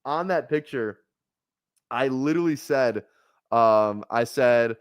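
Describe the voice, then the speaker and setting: Man, casual live-stream chatter, mid-pitched voice, dry close sound, rambling with fillers. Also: lively intonation, moderate pace, no echo. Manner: laid-back rambling with frequent laughs and swearing. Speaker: fantasy football streamer drafting live.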